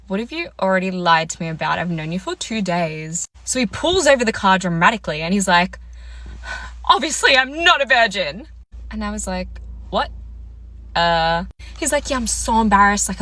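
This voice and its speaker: A young storytime vlogger in a pushed, bright mid-range voice casually recounts a bad date. She's chatty and exasperated, quoting dialogue and acting out both sides of the conversation.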